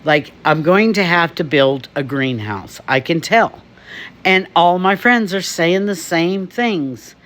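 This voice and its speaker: A man's voice: on the high side, takes it slowly, fairly bright tone. A man from the United States ranting emphatically to camera, laughing often. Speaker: vlogger. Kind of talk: opinion rant to camera.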